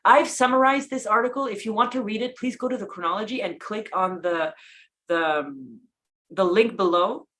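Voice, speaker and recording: An enthusiastic woman leads a narrated history lesson, pausing for admiring asides. She trips over a word now and then and restarts. Her pitch sits in the middle of the range. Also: a bit bright. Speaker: class presenter.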